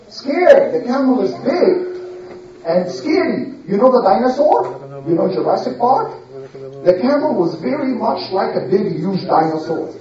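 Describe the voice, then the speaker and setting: A man's voice: very high voice, a little mellow. A man telling a folk story to listeners, asking them questions and acting out the characters' voices and sounds. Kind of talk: animated oral storytelling to listeners. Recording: echoey room, from far off, dull sound.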